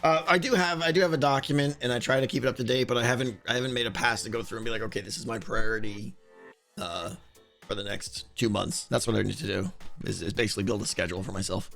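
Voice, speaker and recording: A man streaming a game, chatting casually with viewers and thinking aloud, with a hoarse voice and many restarts. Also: lowish voice, fast, a bit bright, soft background music. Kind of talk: casual livestream chat answering viewers.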